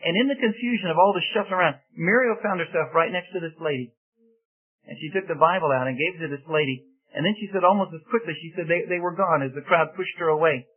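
Male preacher, lively storyteller, slightly high voice, phone-thin radio sound. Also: fast talker, breathy edge. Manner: animated storyteller, acts out quoted dialogue. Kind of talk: sermon storytelling. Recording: tinny phone-like radio broadcast.

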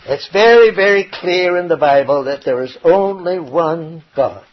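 Preacher, male, husky, slightly high-pitched; dull lo-fi sermon recording. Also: unhurried. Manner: emphatic, rising loud on scripture quotes.

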